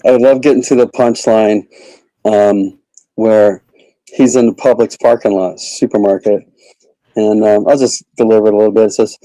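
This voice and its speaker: A man's voice: on the low side, fairly even intonation, normal speed, dark tone, no echo, rough recording. A man who is a comedian, rambling casually as a guest in an interview. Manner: rambling, chatty, lots of fillers.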